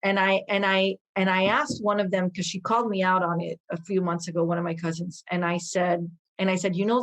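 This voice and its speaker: An energetic woman in her fifties talks as a podcast guest, racing through her stories. She slips into quoted voices as she tells them, bright and animated throughout. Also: mid-range voice. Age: 50s. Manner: energetic, animated, quick-talking with lively quoted asides. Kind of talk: conversational interview storytelling.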